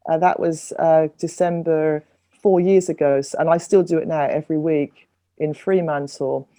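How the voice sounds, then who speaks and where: Speaking at normal speed in a low, warm, steady voice, a middle-aged singer-songwriter and refugee advocate tells her story on a podcast. She is earnest, restarts often, and the interview is conversational.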